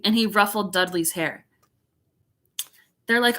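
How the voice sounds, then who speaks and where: A woman's voice: mid-range voice, steady tone, normal speed, pauses often, pushed and bright. A woman teacher reading a chapter book aloud, breaking off for chatty, giggly asides.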